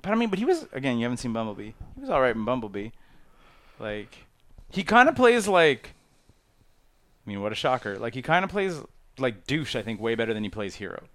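Man, casual chat, animated, laughs a lot, acts out movie lines, middle pitch. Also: fairly quick, no room sound.

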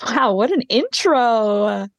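A woman co-host in a relaxed podcast chat, her voice a touch higher than average and recorded dry. She reacts and teases in a casual, friendly manner. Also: slow, no room sound.

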